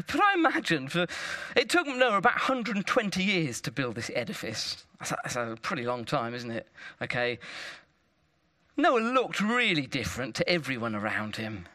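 A man's voice: on the high side, sharp tone. A man preaching a sermon in a conversational way, telling stories and checking in with tag questions.

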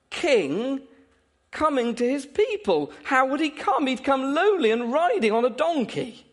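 Male preacher, high voice, animated, slow sermon delivery with rhetorical questions. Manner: rhetorical questions, emphatic with wide swings in loudness.

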